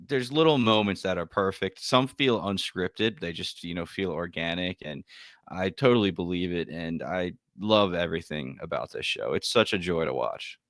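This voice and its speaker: Deep-voiced podcast co-host man. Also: no room sound. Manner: relaxed, rambling, many fillers. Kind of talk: casual podcast chat.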